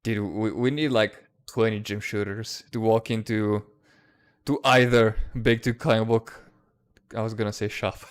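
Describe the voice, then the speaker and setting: Here the comics creator, who lives outside the United States, talks a little slowly in a lowish voice with fairly even intonation. The live chat is casual and laid-back, with frequent laughter and free swearing.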